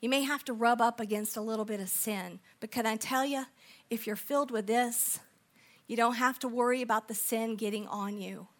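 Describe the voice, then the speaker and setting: A middle-aged woman preaching a storytelling sermon, animated and acting out the people in her story, then dropping to soft, intense tones. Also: fairly high pitch, moderate pace. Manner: animated, acts out quoted voices, drops to soft intense tones.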